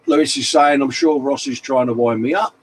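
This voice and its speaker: A man's voice: medium pitch, fairly quick, a little hiss or hum, poor audio. A middle-aged man, hosting a casual live stream and reading out viewer comments in matey banter. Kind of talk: casual chat.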